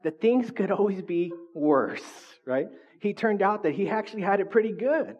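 A pastor giving a sermon in a conversational way, often checking in with "right?". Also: male voice, high-pitched, lively intonation, moderate pace, lo-fi sound. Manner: conversational, frequent "right?" tags.

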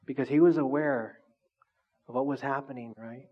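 A man's voice: medium pitch, fairly even intonation, normal speed. Middle-aged guy preaching, chatty, keeps asking the crowd stuff, kinda dull lo-fi sound. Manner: conversational, asks the congregation questions. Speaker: pastor. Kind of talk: sermon. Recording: slightly dull, lo-fi recording.

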